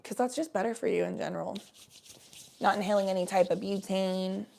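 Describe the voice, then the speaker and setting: A woman's voice: mid-range voice, steady tone, a little fast, creaky, darkish tone, a little hiss or hum. A young woman hosting a livestream, chatting with viewers in a rambling, laid-back way and swearing freely. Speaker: livestream host. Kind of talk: casual chat.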